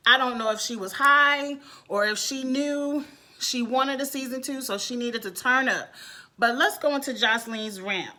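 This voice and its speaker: A woman giving a casual, animated reality TV review, laughing often as she talks. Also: sits high, normal speed. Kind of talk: casual commentary.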